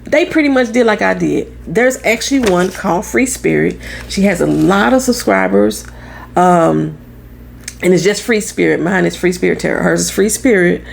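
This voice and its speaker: Loud, blunt St. Louis woman with gravelly fry. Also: on the low side, normal speed, slight background noise. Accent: Southern-tinged Midwestern American. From St. Louis, Midwest US. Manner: loud, blunt, swears freely, laughs often. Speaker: tarot reader. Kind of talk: casual vlog monologue.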